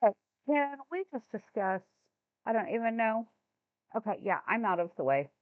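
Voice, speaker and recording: A woman's voice: on the high side, very animated, moderate pace, no echo. Brief: incredulous female commentator, tinny narrow audio, dry and close. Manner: exasperated, incredulous, stammers when flustered. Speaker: commentary channel host. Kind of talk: reaction commentary. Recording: thin phone-like dry sound.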